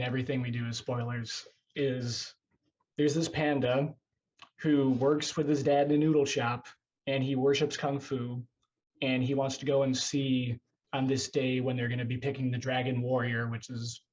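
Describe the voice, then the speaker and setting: A man's voice: mid-range voice, a little mellow, dull audio, a little hiss or hum. A man hosting a casual podcast over a video call, rambling and self-deprecating, swearing now and then. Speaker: podcast host.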